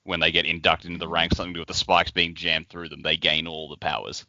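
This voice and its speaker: A man co-hosting a casual book podcast, lively and jokey and quick to laugh. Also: deep voice, no echo. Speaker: podcast co-host. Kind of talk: casual book-club chat. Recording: dull, dry home podcast mic.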